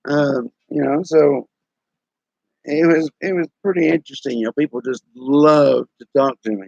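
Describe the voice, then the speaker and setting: A man's voice: on the high side, normal speed, creaky, darkish tone, dry recording, rough recording. A man in his sixties from Tennessee with a Southern accent, casually telling folksy stories to his stream viewers. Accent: East Tennessee Southern. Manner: drawling, folksy, chuckling storyteller. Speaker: live stream host. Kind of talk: casual storytelling to chat viewers.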